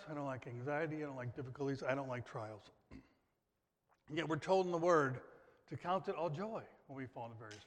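A man from the United States preaching a sermon, emphatic, with repetition and sudden loud rises in his delivery. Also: mid-range voice. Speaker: pastor. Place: church sanctuary. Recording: long hall reverb.

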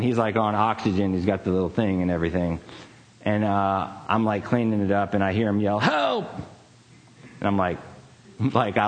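A man preaching, telling a personal story in a casual, conversational way with fillers and quick laughs. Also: lowish voice, big-room sound. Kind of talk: sermon story.

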